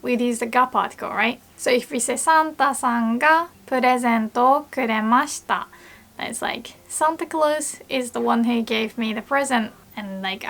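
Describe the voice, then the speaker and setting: Higher-pitched woman with a gravelly edge. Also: a bit bright. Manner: patient, repeats example sentences slowly; playful example scenarios. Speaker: language teacher. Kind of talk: explaining grammar to learners.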